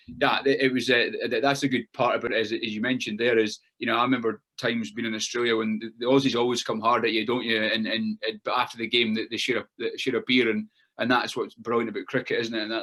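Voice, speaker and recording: A man's voice: medium pitch, flat delivery, fast, pushed and bright. Chatty man co-hosting a podcast. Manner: chatty, many restarts and fillers, says mate. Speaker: podcast co-host. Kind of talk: casual interview chat.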